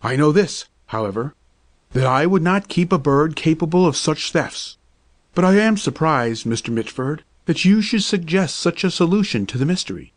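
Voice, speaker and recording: A man's voice: on the high side, expressive, normal speed. A stiff, pompous doctor who is sure he has been wronged, as a storybook narrator puts him on. He lectures in a clipped, indignant way. His voice sits a touch above the reader's own. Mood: lecturing. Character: pompous irritable male doctor, middle-aged.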